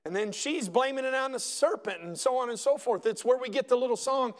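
A man's voice: extremely high pitch, normal speed, big-room sound. A man preaching a sermon as pastor, building to emphatic, impassioned passages.

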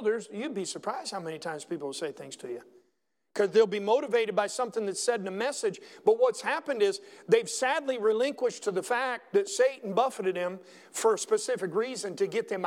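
Man, pastor, sermon, high voice, long hall reverb, emphatic preaching. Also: brisk.

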